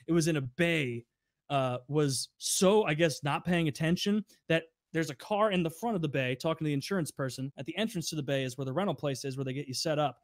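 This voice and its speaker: This podcast co-host, a man in his twenties, animatedly swaps profane work stories in a casual chat and mimics furious customers by raising his voice. His voice is a little high, and the studio-quality recording is dry.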